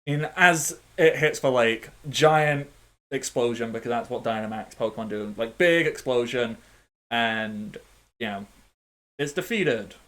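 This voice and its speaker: A man narrating as game master in a tabletop game, animated and playful, with sound effects. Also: mid-range voice, measured pace.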